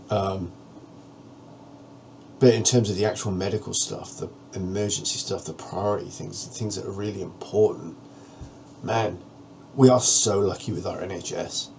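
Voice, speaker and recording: A man with a low, gravelly voice speaks in a candid to-camera monologue, frank and earnest. A faint hiss sits behind him. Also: a little mellow. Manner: frank, plain-spoken, earnest. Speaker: vlogger.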